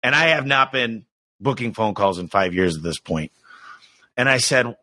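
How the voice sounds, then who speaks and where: An American business owner appears as a podcast guest, telling stories with energy and enthusiasm in an animated way. His mid-range voice moves at a moderate pace, and there's no room sound.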